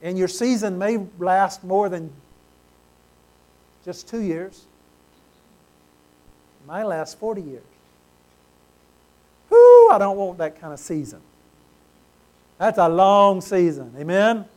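A man preaching a sermon as pastor, emphatic, building to loud praise and calling for amens from the congregation. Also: high voice, big pitch swings, slow pace, long pauses.

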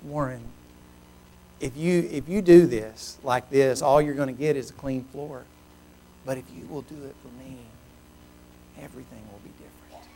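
A man's voice: mid-range voice, fairly even intonation, normal speed, long pauses, dark tone, voice pushed down, lightly acted, rough recording. A man voicing God's still, small voice. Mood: gentle. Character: gentle, quiet inner voice of God.

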